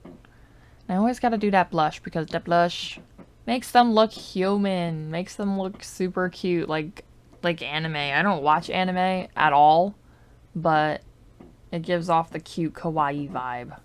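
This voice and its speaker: A woman YouTuber giving casual, rambling commentary on her game, full of likes and I don't knows, sometimes dropping to soft muttered asides into a desk microphone. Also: fairly low pitch, a little slow, clear, resonant tone. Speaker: gaming YouTuber.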